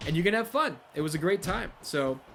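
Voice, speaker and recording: A man's voice: sits high, brisk, a little hiss or hum. A man commentating his own wrestling video game playthrough, swearing and ranting as he plays. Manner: profane, ranting, excitable. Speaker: let's play host. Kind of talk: gameplay commentary.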